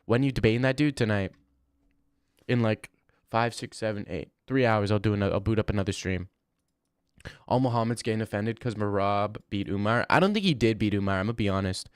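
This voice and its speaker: A man's voice: lowish voice, a little fast, smooth, no room sound, clean studio sound. A man in his twenties chatting casually on a live stream, rambling bluntly and swearing freely. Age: 20s.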